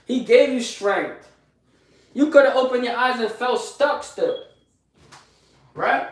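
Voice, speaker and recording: A man giving a loud, preachy motivational pep talk in his small home gym, repeating his lines and calling to his viewers. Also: very high-pitched, animated, slow. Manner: loud and preachy, repeats phrases, says y'all a lot. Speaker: motivational live streamer. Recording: very echoey room, mic far off.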